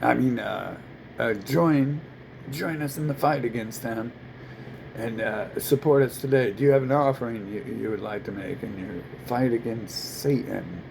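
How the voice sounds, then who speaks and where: A man voicing a whiny male preacher who pleads in a mocking, halting way, full of ums and uhs. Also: medium pitch, gravelly, noisy background.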